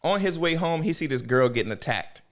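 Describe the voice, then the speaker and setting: A man co-hosting a podcast, telling stories in a casual, slangy, animated way, swearing freely and acting out quotes. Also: on the high side, brisk. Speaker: podcast co-host. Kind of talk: casual storytelling chat.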